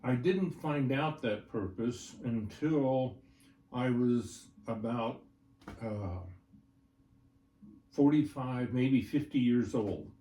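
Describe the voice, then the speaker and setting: Long pauses punctuate this older man's slow, dark-toned, mid-range delivery as he recounts a personal story in an interview. He trains horses, talks in a folksy style, and keeps asking his listener "right?" and "all right?". The audio is roomy and faint ambience surrounds it, as though captured from afar.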